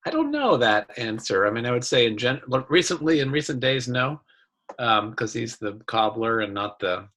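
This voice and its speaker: Bright clear guy playing a tabletop game, chatty, laughs a lot. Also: mid-range voice, big pitch swings, moderate pace. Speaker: player. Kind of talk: casual tabletop game play.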